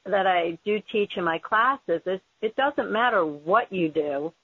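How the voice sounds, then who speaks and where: A woman's voice: medium pitch, a little slow, slightly rough, dry recording. Woman host, earnest and encouraging, sounds like over the phone, dry. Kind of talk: conversational interview. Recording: phone-like tinny audio.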